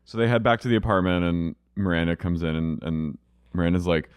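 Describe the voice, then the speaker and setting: A man's voice: deep voice, brisk, clear, resonant tone, no echo. A man co-hosting a podcast, casually and wryly recapping a TV show. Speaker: podcast co-host.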